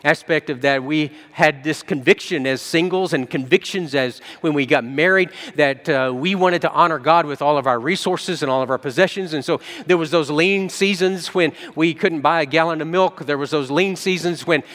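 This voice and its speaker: A man preaching a sermon as a pastor, telling stories and jumping between soft low asides and excited quoted voices. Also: normal speed, hardly any pauses, long reverb tail.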